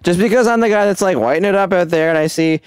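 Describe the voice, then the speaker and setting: A man's voice: high voice, fast, clear, resonant tone. A man co-hosting a let's play, cracking offhand jokes while he plays. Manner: joking, offhand. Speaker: co-host.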